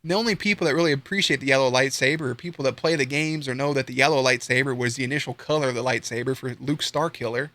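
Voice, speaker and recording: A young man streaming live, ranting casually with lots of swearing and sudden high-pitched outbursts. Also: quick pace, hardly any pauses, dry recording. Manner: profane, animated, swings into high-pitched outbursts.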